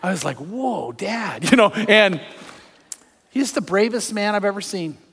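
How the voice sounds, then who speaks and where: A pastor preaching a sermon, telling personal stories that move from hushed to fervent. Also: male voice, sits high, animated, moderate pace, in a large hall.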